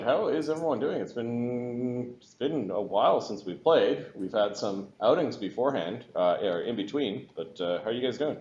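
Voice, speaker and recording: Relaxed male host and game master, chatty and quick to laugh, on a slightly muffled, roomy mic. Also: medium pitch. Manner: easygoing, laughs often. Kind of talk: casual chat opening a tabletop game stream.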